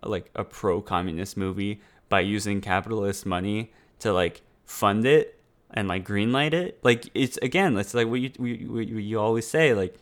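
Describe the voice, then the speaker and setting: A man's voice: on the low side, moderate pace. A man in a casual political chat, rambling with lots of fillers and restarts, swearing now and then.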